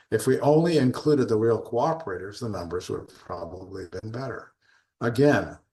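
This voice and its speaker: An older man lectures on orthodontic cases with a low, settled voice. He talks emphatically, restarting sentences and throwing out rhetorical questions to the audience. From United States. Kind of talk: conference lecture presenting patient cases.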